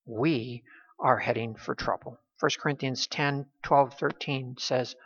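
Slow, measured male preacher, lo-fi. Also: medium pitch, steady tone, a bit bright, breathy edge. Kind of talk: sermon. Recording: dull lo-fi recording.

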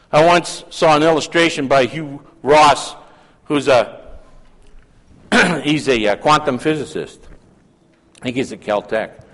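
A man preaching a sermon, swinging between loud emphatic calls and hushed asides. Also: medium pitch. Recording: long hall reverb.

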